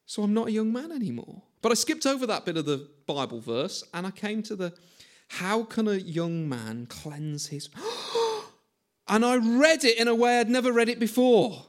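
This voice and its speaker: A man's voice: extremely high pitch, expressive, a little fast, few pauses. A man in his forties preaching a conversational sermon, chatty and self-mocking, often asking the listeners questions.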